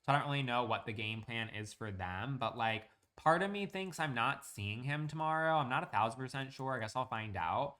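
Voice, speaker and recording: A man's voice: mid-range voice, lively intonation, fairly quick, few pauses, sharp tone. A young man streaming, chatting casually and rambling with lots of fillers while he plays a building game. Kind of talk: casual live-stream chat while gaming.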